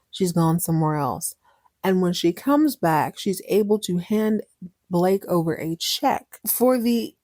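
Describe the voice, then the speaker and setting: A woman in her thirties recaps a soap opera on her podcast with playful sarcasm and chatty digressions. Her voice is mellow and dark-toned, recorded dry and close. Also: fairly low pitch, no room sound. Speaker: podcast host.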